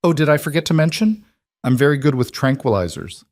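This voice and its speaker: A man's voice: a little high, lively intonation, fairly quick, a little mellow, no echo, pitched above the performer's own voice. A man doing a cultured, taunting female assassin.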